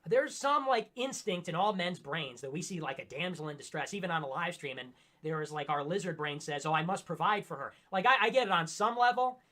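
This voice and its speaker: A man in his twenties co-hosting a casual late-night stream, ranting and animated, mocking people with put-on voices. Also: on the high side, fairly quick, hardly any pauses. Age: 20s. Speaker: co-host.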